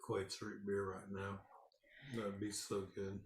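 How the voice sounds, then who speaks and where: A man co-hosting a podcast in casual chat, laid-back and quick with short replies. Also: on the low side, monotone, rough recording. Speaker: podcast co-host.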